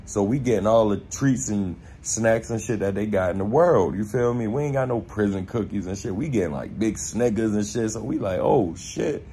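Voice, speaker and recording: A young man with a Baltimore accent telling a casual story, animated and profane, acting out quotes in street slang. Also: fairly low pitch, moderate pace, few pauses, a little hiss or hum. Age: young adult.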